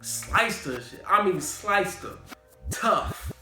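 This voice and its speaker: A man's voice: high-pitched, slow pace. Young man recapping an anime, slangy. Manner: slangy, animated, repeats catchphrases. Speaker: anime reviewer. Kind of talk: casual anime recap vlog. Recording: roomy room, faint background music.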